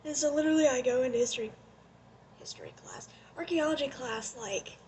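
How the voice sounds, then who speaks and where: Young woman gushing about a show, high voice, laughs a lot, phone propped up. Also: fairly quick, a little hiss or hum. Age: young adult. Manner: excited, gushing, laughs often. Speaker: vlogger. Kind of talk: casual rambling rant. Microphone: phone propped on a lotion bottle.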